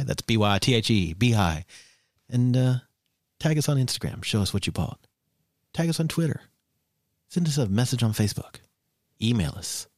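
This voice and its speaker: Lively, joking male podcast host. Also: mid-range voice, normal speed, long pauses, no echo, clean studio sound. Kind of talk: casual chat with ad reads.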